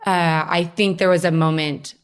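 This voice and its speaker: Animated young woman telling her story. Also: fairly low pitch, measured pace, clean tone. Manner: animated storytelling, acts out her own past voice. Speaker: podcast guest. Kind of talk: personal story in a conversational interview.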